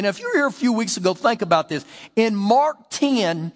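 A man's voice: high voice, moderate pace, long reverb tail. A male pastor preaching a sermon, acting out the voices of the people in his stories. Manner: animated preaching, acts out the voices in stories and scripture.

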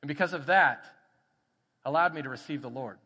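Bright-voiced Texan pastor preaching in a hall. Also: male voice, on the high side, fairly quick, breathy edge. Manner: animated storytelling, acts out quoted voices. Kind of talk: sermon with storytelling. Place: church sanctuary. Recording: church hall reverb.

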